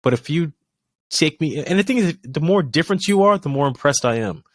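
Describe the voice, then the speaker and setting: A man's voice: on the high side, expressive, brisk, dry recording, studio quality. A man in his thirties, a podcast co-host telling a long story in a loose, rambling way full of fillers and restarts. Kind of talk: casual chat.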